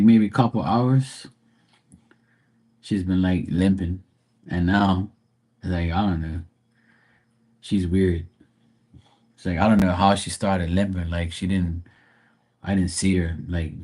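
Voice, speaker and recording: Low husky dude chilling on a live stream at home, dark mellow voice, joking with his dog and saying hi to viewers. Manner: laid-back, teasing, greets viewers by name. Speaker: live stream tarot reader.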